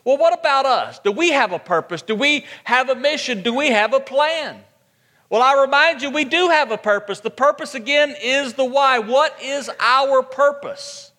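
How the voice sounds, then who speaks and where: High bright preaching pastor, man. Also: lively intonation, moderate pace, in a large hall. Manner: preaching with rhetorical questions and emphatic repetition. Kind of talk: sermon.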